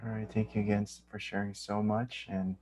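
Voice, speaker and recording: A man's voice: on the low side, flat delivery, a little fast, dark tone. A man hosting a virtual graduation, politely introducing student speakers with hesitant fillers. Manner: polite, hesitant, apologetic about names. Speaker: ceremony host.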